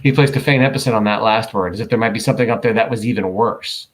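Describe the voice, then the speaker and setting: A man reading a novel aloud, casual, pausing to correct himself and comment. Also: lowish voice, poor audio. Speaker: audiobook reader.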